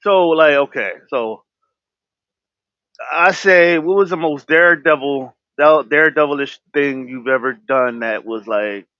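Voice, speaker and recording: A man's voice: a little high, unhurried, no room sound. A man hosting an interview show, rambling with many restarts and reacting with "wow.". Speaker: host. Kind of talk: casual interview. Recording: dry, dull lo-fi sound.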